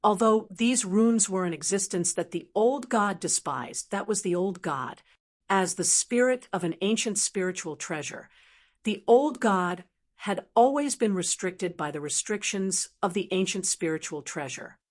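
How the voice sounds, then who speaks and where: A woman narrating a fantasy audiobook in a steady, even storytelling manner. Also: mid-range voice, unhurried. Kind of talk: scripted narration.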